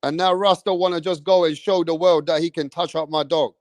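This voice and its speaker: Guy ranting about his dog, high voice, swears a lot, dry close sound. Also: a little fast, no room sound. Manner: animated, swears a lot, tags lines with "bruv". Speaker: live stream host. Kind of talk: rambling storytelling.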